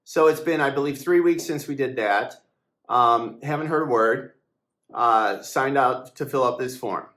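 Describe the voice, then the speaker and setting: A man's voice: medium pitch, a little slow, fairly bright tone, roomy sound. A man, founder and editor of a website, talking casually and hesitantly, with many fillers and restarts, in an aggrieved, complaining way. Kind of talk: casual monologue to camera.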